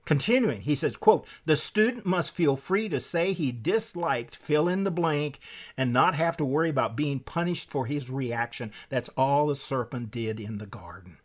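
A man delivering an impassioned sermon-style lecture, emphatic, with sharp swings in pitch and loudness, reading quotes aloud from a book. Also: expressive, moderate pace.

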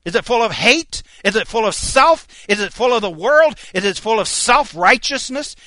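A man's voice: high-pitched, lively intonation, normal speed, pushed and bright, no echo. A middle-aged man preaching a fiery sermon, firing off rhetorical questions and hammering the same point through repetition.

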